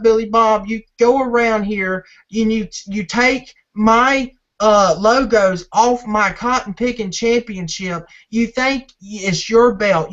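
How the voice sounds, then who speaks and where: A man's voice: high-pitched, a bit bright. A man hosting a fan channel, ranting and repeating insults at a rival in a wrestling trash-talk promo. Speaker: fan channel owner and host. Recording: dull lo-fi audio.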